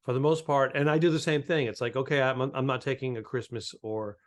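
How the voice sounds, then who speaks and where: Male podcast co-host, average pitch, chatty anecdote teller. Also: steady tone, a little fast. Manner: rambling anecdotes with restarts and quoted dialogue. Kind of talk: casual comedic chat.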